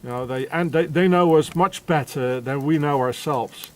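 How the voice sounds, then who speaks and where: A man rambling in a sardonic monologue while feeding cats, often dropping into low muttered asides. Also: moderate pace. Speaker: vlogger.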